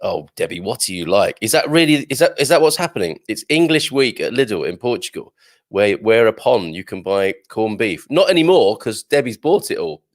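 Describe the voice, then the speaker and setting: A man's voice: on the low side, big pitch swings, moderate pace. A man hosting a live morning show, chatting casually and greeting viewers by name as he reads their comments, with plenty of ums and uhs. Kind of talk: live-stream chat, reading viewer comments.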